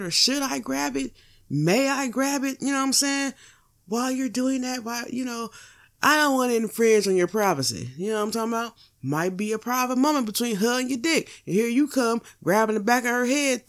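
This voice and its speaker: A young woman hosting a podcast, giving a blunt, profane comedic monologue full of teasing rhetorical asides. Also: medium pitch. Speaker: podcast host.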